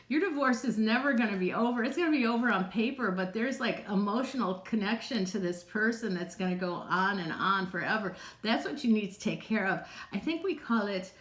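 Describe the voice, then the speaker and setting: A woman psychic talks through viewers' questions in a loose, rambling live-stream chat, often laughing. Her voice sits in a middle pitch. The sound carries the echo of a bare room. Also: animated, moderate pace, few pauses. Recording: roomy, echoey room sound.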